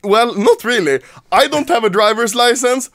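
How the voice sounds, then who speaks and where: A man's voice: very high voice, animated, normal speed, a bit bright, dry recording, clean studio sound, faint music behind. A man casually telling a story to camera, laughing often and swearing freely.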